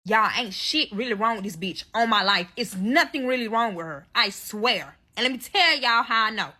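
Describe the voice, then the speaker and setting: A woman's voice: a little high, expressive, moderate pace, bright, forceful tone. A woman telling a dramatic personal story to her viewers in a storytime vlog, swearing freely and talking straight to her audience.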